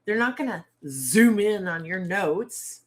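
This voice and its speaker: A woman's voice: medium pitch, animated, slow pace. A woman hosting a casual livestream chat, blunt and outspoken, with salty turns of phrase and questions thrown straight to her viewers. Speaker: author and livestream host.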